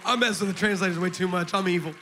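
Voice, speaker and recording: A man preaching an energetic sermon in short bursts for a live interpreter, acting out voices as he tells stories. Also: sits high, racing, soft background music.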